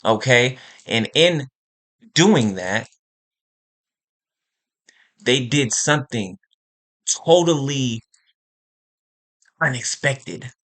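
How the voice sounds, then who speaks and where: A man's voice: medium pitch, animated, drawn-out words, long pauses, fairly bright tone. A man giving an impassioned spiritual monologue, repeating phrases for emphasis and checking in with "right?" and "okay?". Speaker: spiritual speaker.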